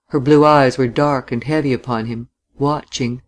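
A man reading a literary novel aloud in measured, scripted narration. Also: mid-range voice, fairly even intonation. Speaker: audiobook reader.

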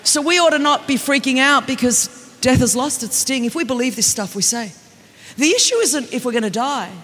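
An animated, joking woman, preaching a conference sermon and often building to a shout. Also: high-pitched, a little fast. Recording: echoey arena with faint music.

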